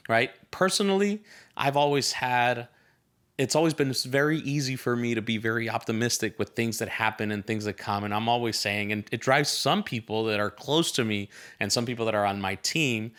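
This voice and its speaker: A man's voice: medium pitch, a bit bright. A man, a real estate agent, giving a casual motivational talk to the camera, rambling and correcting himself as he tells a joke. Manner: upbeat, rambling, storytelling with self-corrections. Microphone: camera mic, filmed by a team member.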